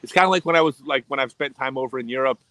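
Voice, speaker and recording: A man's voice: medium pitch, rapid-fire, bright, forceful tone, no echo, rough recording. A middle-aged man chatting casually on a livestream, rambling and often restarting his sentences. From United States. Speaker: livestream host.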